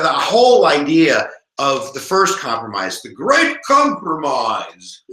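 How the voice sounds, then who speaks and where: An American man in his forties, a former history teacher, giving a jokey, animated live exam review to viewers online. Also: on the high side, echoey room, low-quality recording.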